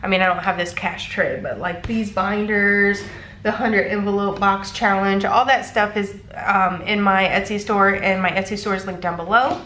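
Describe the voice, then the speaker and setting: A woman's voice: medium pitch, normal speed, a bit bright, reverberant, a little hiss or hum. Congested woman chatting through her budget. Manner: chatty, frequent ums, counting bills aloud. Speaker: cash budgeting vlogger. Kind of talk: casual chat.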